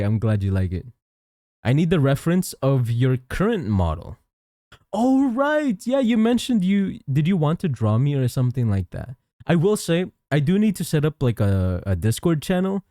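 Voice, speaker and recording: A man's voice: mid-range voice, warm tone, dry recording, clean studio sound. A young man chatting casually on a live stream as a VTuber, reading chat aloud and answering viewers with frequent restarts.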